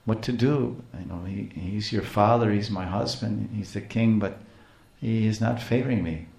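A man doing a soft-spoken consoling queen mother. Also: lowish voice, normal speed, creaky, echoey room. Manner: soft, soothing, hushed.

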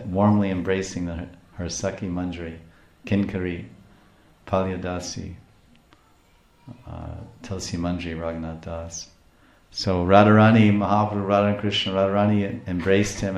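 A man's voice: low-pitched, a little mellow, roomy sound. A man giving a scripture lecture as a spiritual teacher, telling stories with frequent restarts. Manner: storytelling, acts out quotes, frequent restarts.

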